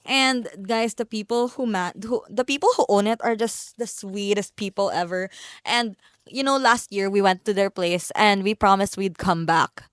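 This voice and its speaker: A young Filipino-accented woman talks in a bubbly, gushing way. Her voice is smooth and clear, and the sound is close and dry with no room around it. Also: mid-range voice, moderate pace, no room sound. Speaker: vlogger. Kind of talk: casual haul vlog.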